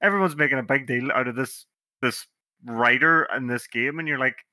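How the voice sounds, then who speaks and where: A man's voice: medium pitch, pushed and bright, dry recording, studio quality. A man chatting casually about video games as a podcast co-host, joking and laughing as he talks. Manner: jokey, laughs often, puts on quick voices.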